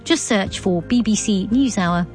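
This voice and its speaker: A woman presenting live radio news from a studio in a crisp, formal read. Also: mid-range voice, unhurried, music in the background.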